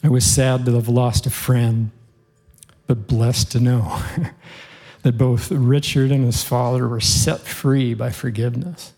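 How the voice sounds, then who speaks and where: Man, preacher, sermon storytelling, earnest, gravelly, warm tone. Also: medium pitch, fairly even intonation, takes it slowly. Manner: earnest, heartfelt storytelling with occasional soft laughs.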